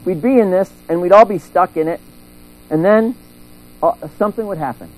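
Animated man preaching a sermon. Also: high-pitched, moderate pace, low-quality recording. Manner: animated storytelling, acting out voices. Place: church.

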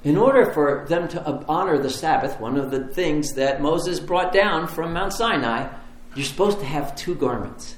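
Male pastor, storytelling sermon, slightly high voice, faint room hum. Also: lively intonation, normal speed, hardly any pauses. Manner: conversational, vivid storytelling. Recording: roomy hall, faint ambience.

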